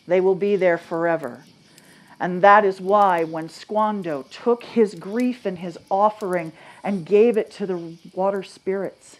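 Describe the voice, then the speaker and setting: A woman from Maine telling ghost stories live to an audience, dropping to a hush and then rising loud and animated, asking the crowd questions. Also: fairly low pitch. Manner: dramatic, swings from hushed to loud and animated. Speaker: storyteller.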